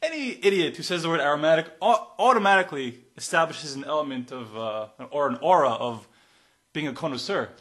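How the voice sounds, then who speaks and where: Young male host, bright and a bit high-pitched, playful teasing banter. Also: a little fast. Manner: joking, teasing, animated. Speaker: podcast host. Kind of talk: casual comedic chat.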